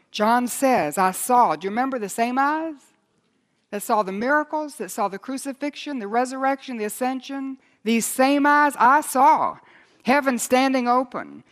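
A woman preaching a sermon on scripture, dropping to near-whispers and then rising into loud, ringing proclamation. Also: fairly high pitch.

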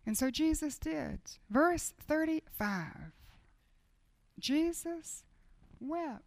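A woman preaching a sermon with intense feeling, swinging between loud urging and hushed, almost whispered lines. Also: sits high, expressive, drawn-out words, creaky, long pauses, no echo. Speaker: speaker at a Christian women's gathering.

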